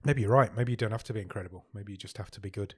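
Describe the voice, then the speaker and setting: A man's voice: lowish voice, very fast, slightly rough. A man, co-hosting a casual podcast and joking as he reacts. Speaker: podcast co-host. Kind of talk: casual chat.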